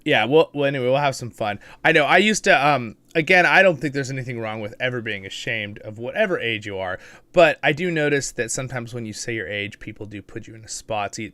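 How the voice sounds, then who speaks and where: A man's voice: mid-range voice, brisk, sharp tone, dry recording. A man hosting a casual livestream, chatty and upbeat, greeting viewers by name and laughing often, with a bit of a morning voice. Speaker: livestream host.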